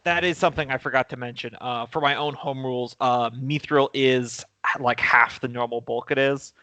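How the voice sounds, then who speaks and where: A man acting as game master runs a tabletop game over voice chat, talking casually, joking, and swearing offhand. His mid-range voice has a sharp tone and fairly even intonation at normal speed, with no echo.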